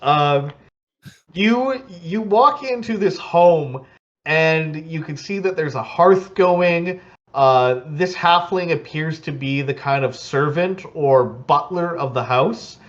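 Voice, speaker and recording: Give me a man running a tabletop game with an unhurried, easygoing narration full of ums. His voice sits a little high. The sound is somewhat lo-fi. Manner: relaxed, many fillers. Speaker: game master.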